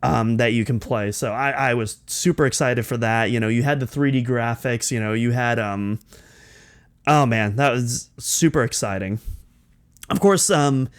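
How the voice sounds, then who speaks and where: A young man hosting a podcast, telling a personal story in an excitable way, with many restarts and fillers. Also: mid-range voice, moderate pace. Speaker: podcast host.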